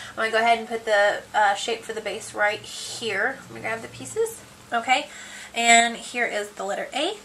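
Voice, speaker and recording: Her voice a little high, pushed and bright, a crafter chats through a casual at-home tutorial on making a paper box. She fills her talk with ums and likes and laughs at herself now and then. A little hiss or hum makes the recording rough.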